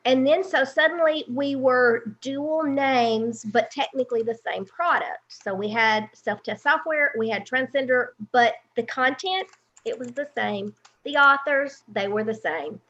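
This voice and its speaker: A woman with an Alabama accent, a guest chatting casually over a dull, lo-fi video call line. Her voice is slightly higher than most women's, and she talks in a chatty way with fillers and restarts. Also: unhurried, fairly bright tone. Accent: Southern US, Alabama. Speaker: guest, content manager. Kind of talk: casual interview chat.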